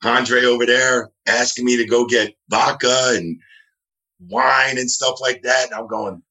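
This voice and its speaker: A middle-aged man from New Jersey, a guest telling animated, rambling stories in a casual interview. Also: medium pitch, measured pace, poor audio. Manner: rambling, animated, acts out quoted dialogue.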